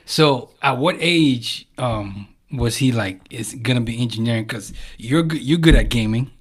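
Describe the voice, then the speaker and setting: A young man from Cameroon hosting a casual podcast interview, relaxed and encouraging, with frequent affirmations. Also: medium pitch, unhurried, slightly rough. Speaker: podcast host.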